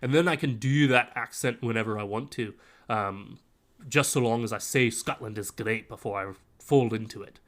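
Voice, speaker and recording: A man's voice: medium pitch, normal speed, a bit bright. A man co-hosting a podcast in casual chat, explaining game-master advice at length.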